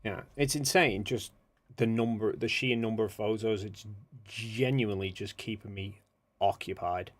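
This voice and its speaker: A man hosting a casual livestream, muttering quietly to himself as he works, then speaking up to address his viewers. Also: fairly low pitch, moderate pace, hardly any pauses. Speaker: livestream host. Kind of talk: casual livestream chat, thinking aloud.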